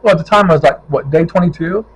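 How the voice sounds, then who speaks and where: A man's voice: on the high side, fast, slight background noise, poor audio. Middle-aged man telling road stories. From Ohio. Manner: animated storyteller, acts out quoted voices. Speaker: vlogger, touring cyclist. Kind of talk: casual storytelling vlog.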